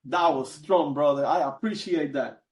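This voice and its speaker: A man hosting a podcast, asking questions in a casual, affirming and slightly halting way. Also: fairly high pitch. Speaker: podcast host. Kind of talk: interview questions.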